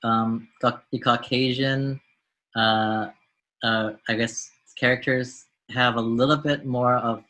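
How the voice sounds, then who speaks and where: Bright-voiced American man recalling. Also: medium pitch, little pitch movement, poor audio. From United States. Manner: reflective, halting with repeated words. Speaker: guest, doctor and mentor. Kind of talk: podcast interview.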